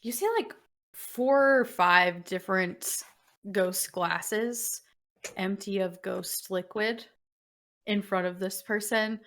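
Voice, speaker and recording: A woman narrating a tabletop game as game master, describing scenes in an unhurried way. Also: medium pitch, fairly bright tone.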